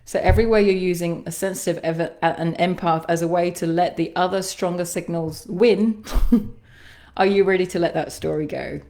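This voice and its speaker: A woman who works as a sound healer and coach, giving a livestreamed guided self-reflection in a musing, halting way with sighs and laughs. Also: lowish voice, fairly even intonation, warm tone.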